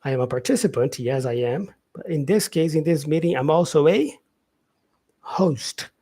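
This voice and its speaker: A man teaching English vocabulary on a live stream, explaining slowly and filling pauses with "yeah" and "um". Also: on the high side, mellow, slightly rough. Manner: explains slowly, with many fillers and repeated "yeah". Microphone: facing camera, streaming live.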